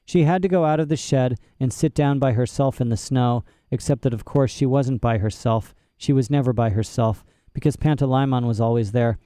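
A male narrator reads a novel in a measured, expressive way. His voice is warm, mellow and smooth, and it sits close and dry on the mic. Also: medium pitch, no echo. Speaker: audiobook narrator. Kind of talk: scripted narration.

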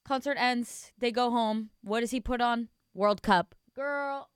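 A woman's voice: on the high side, slow, smooth, no room sound, studio quality. A young woman hosting a show, telling a story in a chatty, dramatic, giggly way with lots of slang. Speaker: radio host. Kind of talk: casual chat.

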